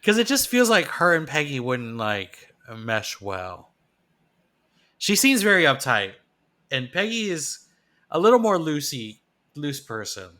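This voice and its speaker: A man's voice: on the high side, very animated, unhurried, bright, forceful tone. A man co-hosting a podcast, chatting casually and musing hesitantly with many "I don't know"s and "like"s. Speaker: podcast co-host. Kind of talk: casual chat.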